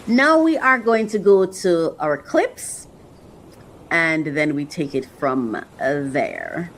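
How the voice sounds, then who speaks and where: A woman's voice: low voice, wildly swooping pitch, slow, low-quality recording. A woman host speaking earnestly in a reflective faith-based monologue, repeating phrases for emphasis. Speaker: host reacting to clips.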